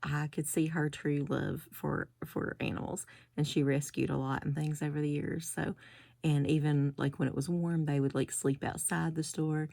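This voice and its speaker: A middle-aged woman chats her way through a haul video. Her voice sits low, with a gravelly fry. She rambles from one story to the next with little giggles along the way. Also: dark tone, no room sound. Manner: chatty, rambling, giggly asides. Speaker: crafting vlogger. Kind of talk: casual haul chat.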